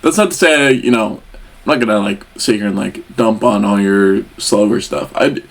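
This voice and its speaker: A man's voice: on the low side, normal speed, creaky. A young man chatting casually as he reacts to an album, rambling and talking straight to the artist as "brother". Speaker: music reaction host. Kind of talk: casual chat.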